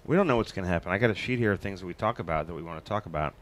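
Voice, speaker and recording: A man's voice: low-pitched, racing. A man hosting a live web show, joking and rambling in casual chat. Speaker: host.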